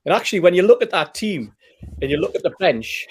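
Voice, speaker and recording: A man's voice: high-pitched, big pitch swings, a little fast, breathy edge. A man, telling a rambling, anecdotal story in casual chat as a podcast host. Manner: rambling, anecdotal, with fillers and repeats.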